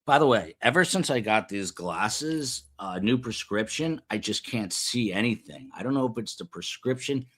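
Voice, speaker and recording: A man's voice: on the low side, expressive, normal speed, few pauses, a bit bright, slightly rough. A man from the United States hosting a live stream, rambling casually and chatting with viewers. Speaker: livestream host. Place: upper floor of a building.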